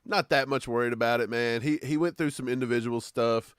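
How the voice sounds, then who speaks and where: A man's voice: medium pitch, fairly quick, smooth, no room sound, studio quality. A man co-hosting a sports podcast, chatting casually and joking in laid-back banter. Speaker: podcast co-host. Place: Kentucky.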